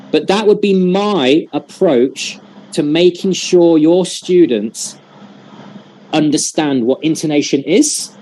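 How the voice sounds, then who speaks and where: A man's voice: on the high side, dark tone. A man leading a teacher-training workshop over a video call, explaining patiently and demonstrating with examples.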